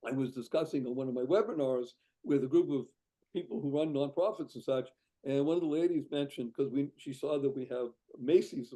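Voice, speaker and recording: A man's voice: medium pitch, dark tone. A man from Boston, a guest on an interview show, talking up his fundraising idea with exuberant, salesy enthusiasm and frequent laughs. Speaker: guest, founder of a charity fundraising site.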